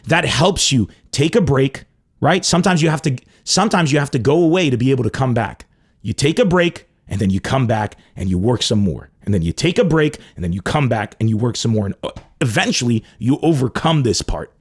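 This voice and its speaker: A man hosting a comedy podcast, riffing in an emphatic, profane monologue that swings between loud bursts and low asides. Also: very animated, fairly quick, slightly rough.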